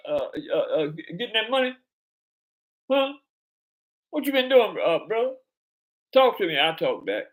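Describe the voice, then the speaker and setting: A man's voice: high voice, very animated, normal speed, pauses often. A man hosting a live stream chat, talking casually in slang and stumbling over repeated words.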